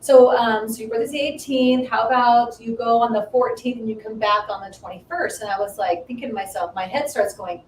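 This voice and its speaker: A woman in her fifties sharing a personal story in casual chat, animated and acting out the dialogue she quotes. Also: brisk, few pauses. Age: 50s. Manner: animated, acts out quoted dialogue with rising pitch. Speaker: guest. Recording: echoey room, mic at a distance, faint noise.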